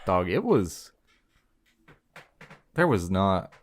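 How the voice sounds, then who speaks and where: A man's voice: sits low, very animated, extremely slow, slight background noise. A young man co-hosting a podcast in laid-back, blunt casual banter. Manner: laid-back, blunt, says dog and bro. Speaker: podcast co-host.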